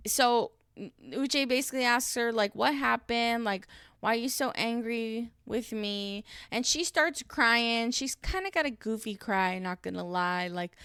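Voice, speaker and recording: Casting note: woman in her thirties, vocal fry, clear tone, dry close sound, blunt reality-TV recapper. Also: mid-range voice, pushed and bright, dry recording. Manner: blunt, exasperated, swears freely. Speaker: reaction vlogger. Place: dim room at home.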